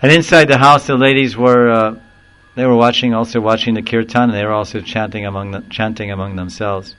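A man giving a devotional discourse, explaining verses and telling a story in an animated way, now and then acting out the people in it. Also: fairly low pitch, clear, resonant tone, low-quality recording. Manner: animated storyteller who acts out quoted voices and chuckles; recites Sanskrit verse slowly, then explains it. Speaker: spiritual teacher.

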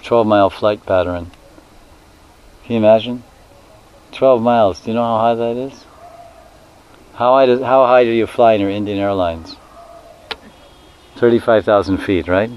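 A man's voice: on the low side, a little hiss or hum, poor audio. Man telling a sacred story. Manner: lively, repeats and corrects himself, asks the audience questions. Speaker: spiritual teacher. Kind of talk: storytelling religious talk to a live group.

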